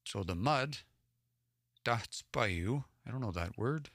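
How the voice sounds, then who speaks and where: On his livestream, a man from around Edmonton, Alberta, Canada reads Cree stories aloud, translating word by word and sounding out words he doesn't know well. He has a mid-range, slightly bright voice, animated but slow. There's no room sound, and the quality is studio-grade.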